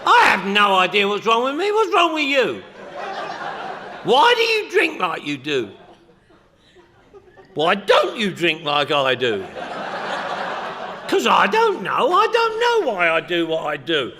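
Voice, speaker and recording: A middle-aged man with a London accent, telling comic stories to a crowd in a loud, joking, punchy way with bursts of shouting. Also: sits high, wildly swooping pitch, slow pace, pauses often, a little hiss or hum. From England. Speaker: recovery meeting speaker. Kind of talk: comic storytelling talk to a crowd.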